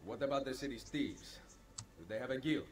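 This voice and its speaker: An actor playing Ezio, a shrewd male assassin, speaking in a measured, wry way. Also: mid-range voice, animated, close to an everyday voice. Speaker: game character.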